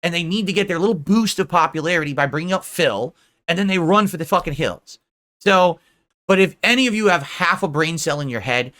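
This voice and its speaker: A man's voice: a little high, pushed and bright. A man hosting a livestream, ranting heatedly with profanity and mockery. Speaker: streamer host. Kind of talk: livestream rant and chat.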